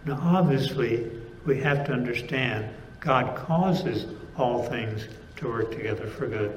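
A man preaching a sermon, speaking deliberately with pauses and emphatic stresses. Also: medium pitch, roomy sound, dull audio, a little hiss or hum.

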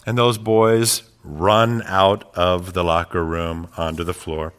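A man preaching a sermon who swells into loud, rousing passages and then drops to quiet, reflective asides. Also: sits low, little pitch movement, slow pace, few pauses. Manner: builds to loud climaxes quoting speeches. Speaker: pastor.

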